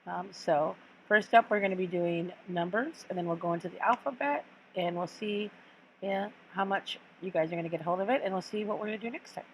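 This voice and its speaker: A woman teacher giving a recorded lesson for children, speaking slowly and patiently and repeating words for students to follow. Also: on the low side, slight background noise.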